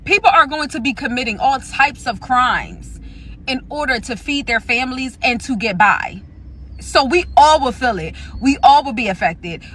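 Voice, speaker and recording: A woman's voice: high voice, pushed and bright, husky. A woman speaking earnestly and with worry about what is coming. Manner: worried, earnest. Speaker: social media commentator. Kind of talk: earnest commentary.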